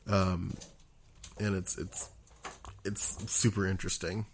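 Casual male podcast guest, lowish voice, halting delivery. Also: flat delivery, background noise. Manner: hesitant, many ums and restarts. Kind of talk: casual chat.

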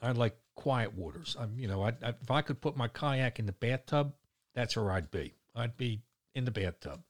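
Sixties Baltimore guy, blunt and wisecracking, casual rambling vlog delivery, mid-range pitch. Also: expressive, normal speed. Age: 60s. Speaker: vlogger. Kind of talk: casual monologue to camera.

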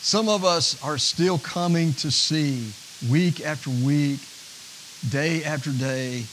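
A male pastor preaching a sermon, with a preacher's rhythm that rises to shouts and drops to near-whispers. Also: on the high side, slow pace, a little hiss or hum, low-quality recording.

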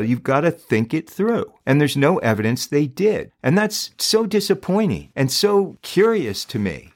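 A man hosting a true crime podcast, talking emphatically and firing off rhetorical questions. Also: medium pitch. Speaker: podcast host.

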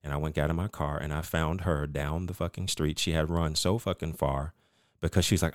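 A middle-aged man hosting a podcast, telling a story in an animated, emphatic, profane rant. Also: extremely low pitch, a little fast, no echo, studio quality. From United States. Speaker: podcast host. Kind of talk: casual rant monologue.

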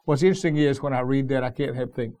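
A man's voice: medium pitch, fast, warm tone. A middle-aged man preaching a sermon as pastor, telling the story in a loose, conversational way with frequent restarts.

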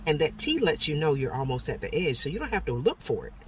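A woman voicing a gentle former swim teacher, polite and hesitant at first, then encouraging. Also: sits low, big pitch swings, fast talker, a little hiss or hum, rough recording. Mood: coaching.

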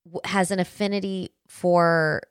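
A woman's voice: lowish voice, steady tone, measured pace, clean tone, dry recording, studio quality. A woman in her forties hosting a podcast, telling family stories in an earnest, conversational way with frequent restarts. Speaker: podcast host. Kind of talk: casual podcast monologue.

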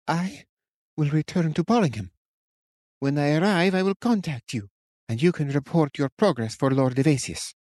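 A man's voice: mid-range voice, moderate pace, a little mellow, no room sound, studio quality, pitched above the performer's own voice, lightly acted. A man voicing a cold, commanding witch. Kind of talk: audiobook character voice.

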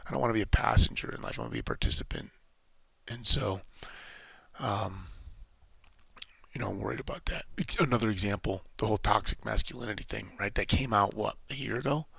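A man with a low, gravelly voice talking through his thoughts in a loose monologue, stopping and restarting as he goes. His tone is bright and forceful, and the recording is dry and close. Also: animated, fairly quick, dry recording. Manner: rambling, thinking aloud with many restarts. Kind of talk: casual spoken monologue.

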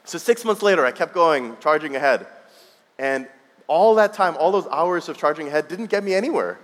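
Preacher, male, thirties, chatty personal-story sermon delivery, slightly high-pitched, echoing church hall. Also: animated, moderate pace, a bit bright. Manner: conversational storytelling, frequent restarts. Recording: long reverb of a large hall.

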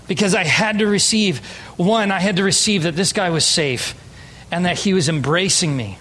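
High-voiced male preacher in a reverberant hall. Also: moderate pace, noisy background. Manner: emphatic storytelling preacher. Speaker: pastor. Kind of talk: sermon.

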